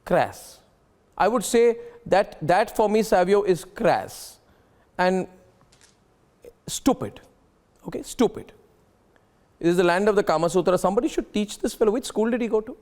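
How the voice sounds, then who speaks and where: A man's voice: high-pitched, fairly quick, darkish tone. Emphatic debate anchor, man. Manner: emphatic, repeats phrases, talks over guests. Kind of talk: heated TV debate hosting.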